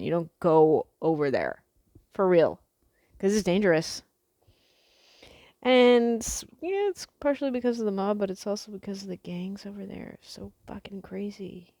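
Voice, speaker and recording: A woman's voice: on the low side, creaky, warm tone, no room sound. A young woman from the Midwest chatting casually to camera as a vlogger, rambling with lots of fillers and the odd swear word.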